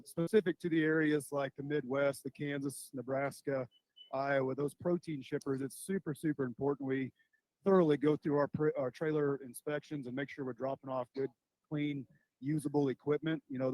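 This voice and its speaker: A man's voice: mid-range voice, darkish tone, no room sound, low-quality recording. A man giving an operations update from a remote terminal, earnest and informal, with frequent fillers.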